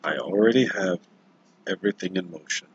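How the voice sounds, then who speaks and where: A man voicing a solemn noble forest lord who speaks in a grave, measured, reassuring way. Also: low voice, slightly rough, dry recording, dull audio, voice pushed down. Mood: soothing.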